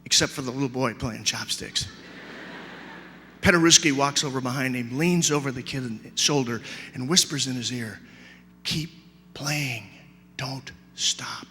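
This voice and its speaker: A middle-aged man giving an animated sermon to a youth convention, telling a story with big swings from shouts to hushed whispers. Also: medium pitch, normal speed, slight background noise. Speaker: youth speaker. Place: large convention hall. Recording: live hall recording with long reverb.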